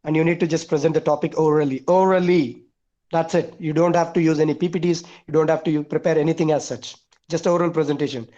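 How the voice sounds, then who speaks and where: A man teaching a class over a video call, speaking in a high voice. He counts off his points one by one and repeats the key words for emphasis. The call audio comes through dull and lo-fi. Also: fairly even intonation, quick pace, mellow. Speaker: English teacher. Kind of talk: online class instruction.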